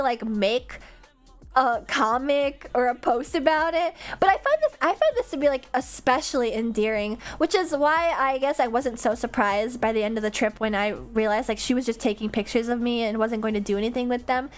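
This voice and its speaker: A young woman chatting casually on a stream, animated and laughing, with swooping pitch and lots of fillers. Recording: faint music behind.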